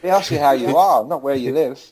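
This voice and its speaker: A man's voice: mid-range voice, fairly quick, crowd noise. A British man co-hosting a radio show, joking and rambling in casual banter. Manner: joking, rambling, self-mocking. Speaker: radio co-host.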